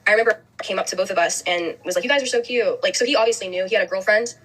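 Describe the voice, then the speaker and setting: A young woman, a guest in an interview, telling a personal story in a fast, halting way full of "like" fillers. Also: medium pitch, a bit bright, a little hiss or hum, low-quality recording. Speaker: podcast guest.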